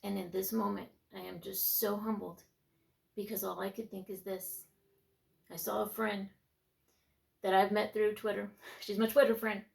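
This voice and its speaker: A woman's voice: medium pitch, flat delivery, moderate pace, gravelly, pauses often. A woman in her twenties giving an earnest, reflective personal testimony in a vlog, sometimes dropping to a near-whisper. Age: 20s. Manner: earnest and reflective, with frequent restarts; heartfelt, drops to near-whispers for inner thoughts. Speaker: faith vlogger.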